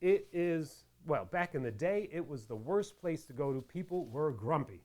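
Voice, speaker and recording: Chatty middle-aged man, slightly high voice. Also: expressive, moderate pace, a little mellow. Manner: chatty, rambling, joking asides while working with his hands. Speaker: crafting channel host. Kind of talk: casual tutorial chat while working.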